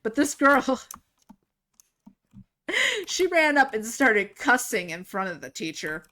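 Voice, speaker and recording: A young woman livestreamer telling a story casually while gaming, rambling and animated, laughing and swearing often. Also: on the high side, slow.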